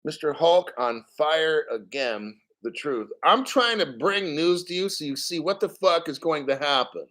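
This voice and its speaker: A man's voice: fairly high pitch, lively intonation, measured pace, hardly any pauses, fairly bright tone. A man hosting a casual crypto livestream, talking in a profane, emphatic rant full of rhetorical questions. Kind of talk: casual live-stream rant.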